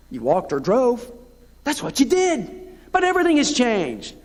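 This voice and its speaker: A man's voice: extremely high pitch, wildly swooping pitch, normal speed, darkish tone. A man with a Southern US accent preaching a conversational sermon as pastor, acting out the voices of churchgoers. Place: church sanctuary. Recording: long reverb of a church hall, local TV broadcast.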